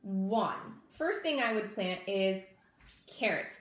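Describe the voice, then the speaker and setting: A woman's voice: mid-range voice, animated, a little slow, a bit bright. Woman teacher, children's story read-aloud, friendly, echoey room. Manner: friendly, speaks directly to children.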